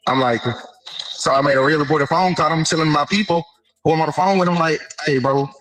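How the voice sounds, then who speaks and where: A man's voice: a little high, quick pace, a bit bright, poor audio. A man in an interview clip telling a story in casual street slang, acting out what people said and often checking in with his listener. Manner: slangy, keeps repeating a filler question and acting out dialogue. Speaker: interview guest.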